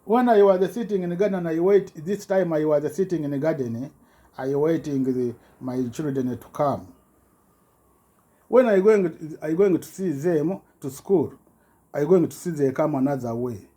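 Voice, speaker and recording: A man giving a rambling personal account in halting broken English, full of restarts and repetitions, his voice jumping up when he gets agitated. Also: on the high side, lively intonation, dark tone. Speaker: self-recorded complainant.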